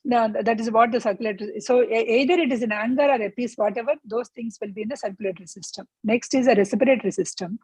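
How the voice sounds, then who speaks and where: A woman's voice: a little high, darkish tone, husky, no room sound, poor audio. A woman leading a spiritual book club, reading passages aloud and explaining them with rhetorical questions. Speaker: book club discussion leader.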